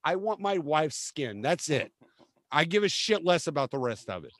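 A man's voice: on the high side, very animated, normal speed, a bit bright, no echo. A man hosting a casual podcast, ranting with constant profanity and a combative edge. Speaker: podcast host.

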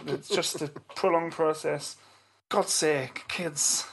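A middle-aged man on a podcast, telling a story in casual chat with animated, swearing delivery. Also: a little high, slow pace, breathy edge. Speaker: podcast co-host.

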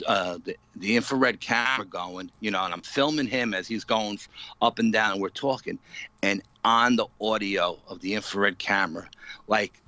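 Forceful man telling a spooky story. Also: lowish voice, no echo, muffled recording. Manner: vivid storyteller, many fillers, acts out quotes. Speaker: paranormal investigator, guest. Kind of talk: animated storytelling in an interview.

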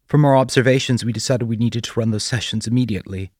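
A man voicing a stiff, expressionless male school counselor who talks in a flat, formal way. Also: medium pitch, fast, dry recording, clean studio sound, voice pushed up, close to an everyday voice. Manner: flat, formal, unsettlingly calm.

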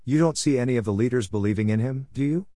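A man's voice: mid-range voice, fast talker, mellow, no echo, studio quality, voice pushed up, close to an everyday voice. A man voicing scornful male religious leaders who challenge and dismiss others.

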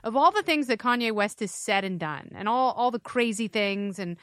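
A middle-aged woman guesting on a podcast, joking quickly and laughing often in casual banter. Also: fairly high pitch, lively intonation, a bit bright, dry recording, studio quality. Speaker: guest, fellow show host.

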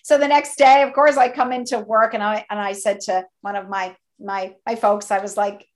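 A middle-aged woman, a toy company co-founder, telling animated stories as an interview guest. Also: medium pitch, moderate pace. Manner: animated, enthusiastic storyteller. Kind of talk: interview storytelling.

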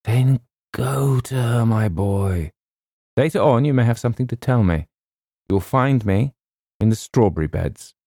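A man voicing a stern, menacing old male colonel who speaks in a quiet, grave way. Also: mid-range voice, animated, a little slow, vocal fry, no echo, studio quality, pitched above the performer's own voice. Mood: kindly.

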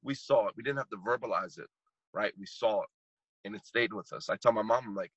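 A man's voice: lowish voice, brisk, fairly bright tone, husky, no echo, lo-fi sound. A man in his thirties, a podcast guest and motivational speaker, telling a heartfelt story with emphatic repetition while choked up. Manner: emphatic, repeats phrases for impact.

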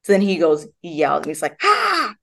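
A young adult woman, a guest on a podcast, telling personal stories in a casual, animated way and acting out the voices of people in them. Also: low voice, quick pace, gravelly. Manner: animated, acts out quoted dialogue. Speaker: guest, movement method founder. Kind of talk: casual storytelling interview.

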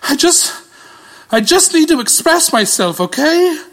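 A man's voice: very high voice, big pitch swings, measured pace, fairly bright tone. A man narrating a comedic audio drama with whiny, self-pitying, rambling asides.

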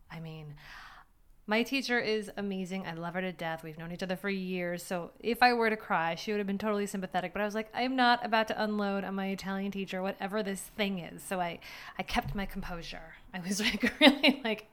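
A middle-aged woman talks through her day in a candid podcast monologue. Her voice is smooth and clear, and her pitch sits in the middle. She rambles a little and gently laughs at herself as she goes. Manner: candid, rambling, self-deprecating with small laughs. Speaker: podcast host. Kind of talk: personal reflective monologue.

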